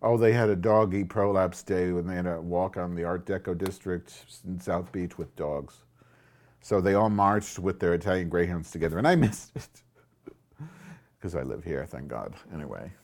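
A man's voice: deep voice, normal speed, darkish tone. A man hosting a crude, rambling live-stream from home, swearing at his viewers and muttering asides as he makes tea. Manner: profane, sarcastic, mock-insulting to viewers. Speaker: live webcam show host. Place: home, indoors. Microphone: computer microphone.

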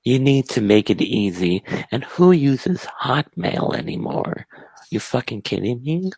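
A man co-hosting a casual podcast over a call, talking quietly and mocking crudely. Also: medium pitch, very animated, a little slow, creaky, breathy edge, no room sound, rough recording. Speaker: podcast co-host.

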